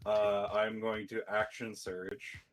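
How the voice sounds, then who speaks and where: A man with a low voice takes his turns as a player in a tabletop game. He talks hesitantly and fills pauses with "uh". Faint music plays in the background. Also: level tone. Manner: hesitant, filler-heavy.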